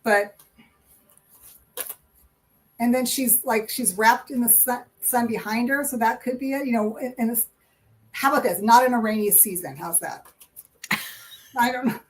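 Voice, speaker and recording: A woman's voice: a little high, moderate pace, pauses often, slight background noise, low-quality recording. A woman giving a live tarot reading in casual, rambling chat, laughing often. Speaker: tarot reader and co-host.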